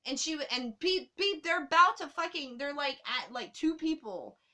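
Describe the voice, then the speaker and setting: A woman telling a travel story to her camera in a casual, animated way, swearing often. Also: high voice, normal speed.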